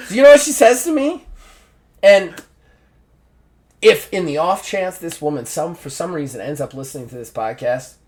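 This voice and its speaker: A man hosting a podcast, telling a story in a casual, animated way, swearing and acting out the dialogue. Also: fairly high pitch. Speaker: podcast host.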